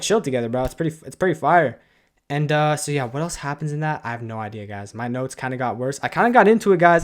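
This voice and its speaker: A young adult man streaming a casual recap of a series, talking in loose slang and rambling with lots of "bro" and "guys.". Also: medium pitch.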